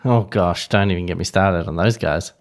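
A man's voice: deep voice, normal speed, faint music behind. A man, co-hosting a podcast in casual chat, wry and rambling with restarts. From Australia. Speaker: podcast co-host.

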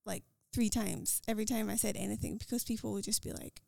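A woman's voice: medium pitch, steady tone, vocal fry, mellow, dry recording, clean studio sound. American woman with a Scottish lilt. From United States. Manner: quick, earnest, with many fillers and restarts. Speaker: podcast guest. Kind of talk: casual conversational interview.

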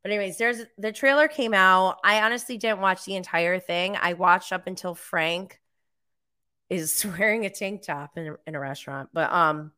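A woman talks through a live recap in a loose, chatty way, leaning on "like" and "um". Her voice sits a bit low but has a bright, forceful edge. She gets animated and squeaks up high when quoting herself. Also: moderate pace, smooth. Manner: chatty, filler-heavy, lots of "like". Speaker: live show host recapping reality TV. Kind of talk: casual live-stream chat.

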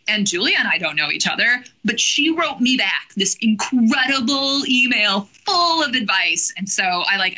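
Bright-voiced, chatty woman guest. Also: mid-range voice, poor audio. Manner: animated, chatty, many "like"s and restarts. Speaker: author and teacher, interview guest. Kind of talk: casual podcast interview.

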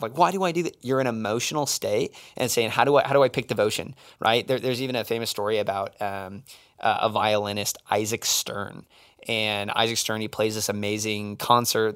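A middle-aged man co-hosting a casual faith talk, an animated storyteller who acts out the quotes in his stories. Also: on the low side. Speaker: podcast co-host.

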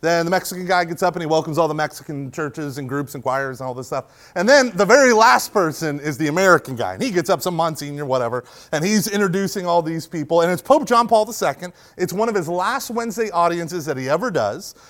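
A man giving a humorous storytelling talk at a Catholic youth event. He is animated and jokey, and he breaks into shouting when he acts out parts of the story. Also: on the high side, fast, few pauses.

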